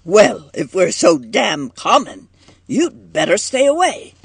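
A gruff neighbor blusters in a husky voice, as a man puts him on. The sound is close and dry, in a storybook reading. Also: fairly high pitch, animated, a little slow, fairly bright tone, no room sound, exaggerated voice. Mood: furious.

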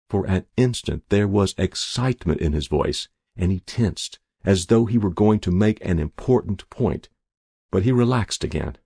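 Gravelly low-voiced male storyteller. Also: lively intonation, a little slow, darkish tone, no echo, studio quality. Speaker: audiobook narrator. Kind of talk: first-person story reading.

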